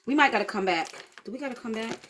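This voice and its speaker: A woman's voice: on the high side, fast talker, fairly bright tone, a little hiss or hum. A woman leading a live-streamed holistic health class, chatty and blunt, answering viewer comments as she goes.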